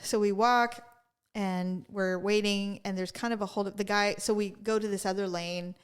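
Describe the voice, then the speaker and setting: A woman's voice: medium pitch, steady tone, normal speed, smooth. A woman co-hosting a podcast, telling a story in casual chat, acting out quotes and laughing often. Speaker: podcast co-host.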